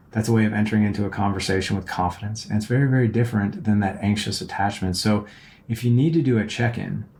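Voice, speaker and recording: A man hosts an advice podcast, his voice sitting low with a steady gravelly fry running through it. He talks casually and earnestly, circling back over his words and repeating himself. He often checks in with a quick "right?". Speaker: podcast host and relationship coach.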